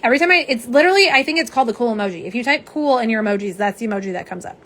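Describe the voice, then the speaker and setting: A woman's voice: fairly high pitch, animated, rapid-fire, a bit bright. A middle-aged woman hosting a casual livestream, chatting with viewers and reading their comments aloud in a bubbly way. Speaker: nail polish livestream host. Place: home setup for live streaming. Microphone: phone camera on a live stream.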